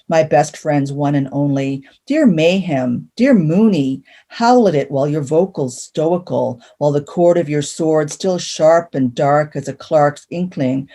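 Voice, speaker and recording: Mellow-voiced woman reading poetry. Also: deep voice. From Canada. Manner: rhythmic, measured delivery of punning verse. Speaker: poet.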